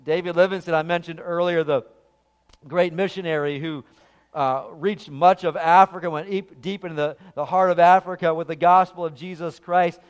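A man preaching an impassioned sermon, rising to loud peaks and then sinking back to a hush. His voice is high and resonant, and the long reverb of a church hall hangs behind it. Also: fairly even intonation, moderate pace, smooth. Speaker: pastor.

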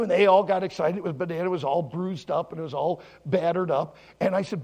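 A male pastor preaching a sermon in a church, telling a story with great animation, acting out voices, and swinging from soft hushes to loud exclamations. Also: sits high, quick pace, few pauses. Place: church sanctuary.

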